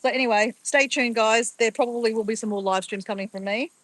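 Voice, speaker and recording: A woman's voice: fairly high pitch, brisk, fairly bright tone, no room sound, poor audio. A young woman chatting casually on a travel live stream, rambling and laughing as she reads viewer comments.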